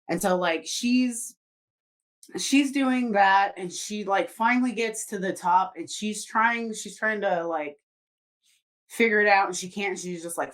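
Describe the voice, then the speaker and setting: A woman co-hosting a podcast tells a story in casual conversation, rambling with lots of fillers and swearing freely. Her voice is fairly low in pitch and her pace measured.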